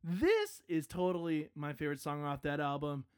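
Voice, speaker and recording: A podcast host in a casual outro, chatty and rambling, poking fun at themself and now and then bursting into loud hype yells. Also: mid-range voice, sing-song, moderate pace, clear, resonant tone, no room sound, clean studio sound. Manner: chatty, self-mocking, rambling.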